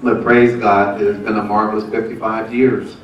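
A pastor in his seventies, speaking at a fairly low pitch in a level tone and at a moderate pace, tells a folksy, laughing story about his marriage during a church service, amid testimony and announcements. The recording has its highs cut off and sounds echoey and distant in the church sanctuary.

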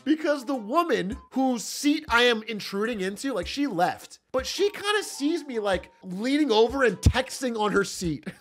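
A young man streaming, telling a casual story to his chat in a profane, animated way with frequent laughter. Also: very high-pitched, moderate pace.

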